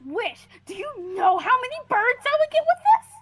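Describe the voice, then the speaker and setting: A squeaky, excitable tiny creature. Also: female voice, moderate pace, full character voice. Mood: excited.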